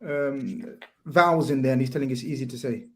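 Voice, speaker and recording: A man's voice: mid-range voice, a little fast, fairly bright tone. A man with a London accent ranting and teasing his friends in a casual football chat on a podcast.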